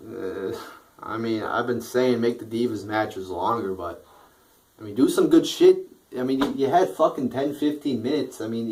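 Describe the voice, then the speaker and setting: A man's voice: medium pitch, a little mellow, distant mic, low-quality recording. A sleepy man ranting casually and profanely as a wrestling show reviewer, rambling with restarts and yawning.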